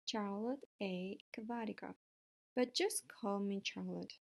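A woman voicing a gentle, wise female spider in a storybook reading. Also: mid-range voice, unhurried, vocal fry. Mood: kindly. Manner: calm, gently explaining.

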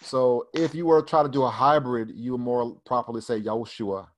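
A man leads an online study group over a video call. His pitch sits in the middle, and his explanations are loose and chatty, full of restarts and repeats. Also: fairly even intonation, fairly quick. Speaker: Bible Hebrew teacher. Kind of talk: casual online study session.

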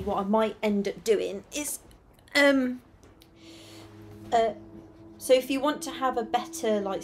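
Slow-talking tired woman streamer. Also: mid-range voice. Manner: rambling, self-correcting, chatty. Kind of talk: casual chat while drawing. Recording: music playing clearly behind.

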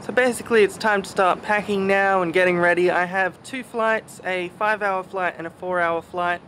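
A man's voice: high voice, steady tone, normal speed, sharp tone, a little hiss or hum. A young man with a mild Australian accent, chatting casually and self-deprecatingly in a vlog, with plenty of fillers and trailing asides. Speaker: vlogger.

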